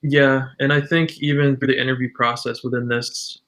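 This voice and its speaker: A man's voice: mid-range voice, level tone, moderate pace, a bit bright. A man with a Canadian accent, a podcast guest giving earnest advice in casual conversation.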